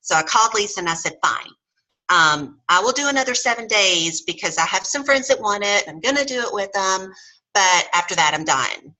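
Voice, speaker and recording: A woman's voice: medium pitch, animated, normal speed, sharp tone, low-quality recording. A middle-aged woman telling her story in a casual interview chat, often acting out what others said. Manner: chatty storyteller, acts out quoted voices. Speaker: guest sharing her story.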